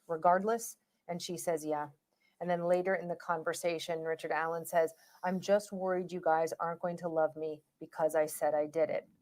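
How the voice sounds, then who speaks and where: A woman co-hosting a true crime stream, calmly reading transcript excerpts and chatting, with short agreeing replies. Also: fairly low pitch. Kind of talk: casual chat, reading transcript excerpts aloud.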